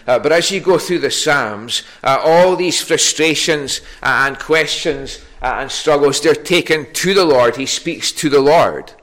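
A man preaching an evening sermon. He talks in a halting way, stopping for fillers and starting phrases over. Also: mid-range voice, fairly bright tone. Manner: halting, many fillers and restarts.

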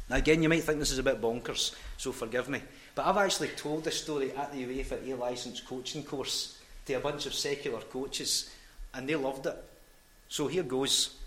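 A Scottish man, a football club chaplain, telling lively anecdotes in a storytelling sermon and acting out the dialogue. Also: mid-range voice, echoey room. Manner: animated anecdotes, quoting dialogue.

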